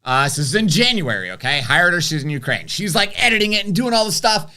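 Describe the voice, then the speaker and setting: A man's voice: high voice, very animated, fast talker, bright, forceful tone. A man co-hosting a casual live stream, telling stories candidly and swearing now and then. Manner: candid storytelling, mildly profane. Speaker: co-host.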